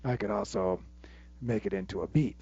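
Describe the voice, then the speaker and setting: A man teaching a drum lesson, explaining step by step in a relaxed way and counting stickings aloud. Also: on the low side, moderate pace, gravelly, slightly rough. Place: room with a drum kit. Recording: muffled sound with loud drums. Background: loud drumming between phrases.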